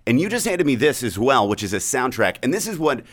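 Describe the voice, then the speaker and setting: A man hosting a casual interview, dropping quick interjections and setting up the guest's topics. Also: mid-range voice, sing-song, a bit bright. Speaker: interview host.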